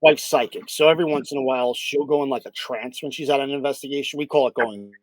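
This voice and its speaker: A man's voice: mid-range voice, steady tone, fast talker, no room sound, rough recording. A man, a paranormal investigator, telling a case story in a casual interview with many fillers and acted-out quotes.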